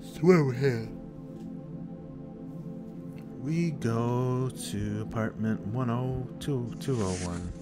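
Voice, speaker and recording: A man's voice: medium pitch, takes it slowly, over loud music. A man giving live gameplay commentary, cursing and joking as he talks to himself.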